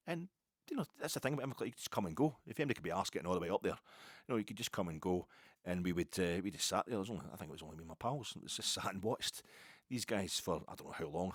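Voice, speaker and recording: A man's voice: low voice, dry recording, studio quality. A Scottish man in his fifties hosting a podcast, telling rambling stories full of restarts and asides. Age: 50s. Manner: rambling, self-interrupting storyteller. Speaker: podcast host. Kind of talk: casual podcast monologue.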